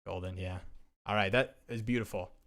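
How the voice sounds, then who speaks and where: Rambling, excitable man on a live stream. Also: deep voice, brisk. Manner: excitable, rambling, self-interrupting. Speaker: fantasy football streamer. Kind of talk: casual live-stream chat.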